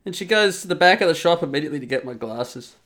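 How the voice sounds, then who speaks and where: A man's voice: on the high side, fast talker. A middle-aged man ranting profanely through a comic podcast monologue. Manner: sweary, ranting, animated. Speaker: podcast host.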